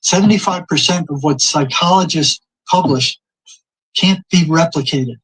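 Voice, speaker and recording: Older man, raised pitch, husky; rambling storyteller who acts out dialogue. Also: normal speed, fairly bright tone, poor audio. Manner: rambling anecdotes, repeats words, acts out quoted exchanges. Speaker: guest telling stories. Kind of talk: casual storytelling.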